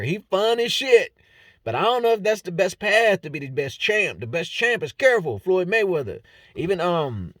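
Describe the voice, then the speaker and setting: A man's voice: mid-range voice, dry recording, clean studio sound. A man giving a casual, slangy, profane breakdown of fight results, laughing often. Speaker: MMA fight analyst.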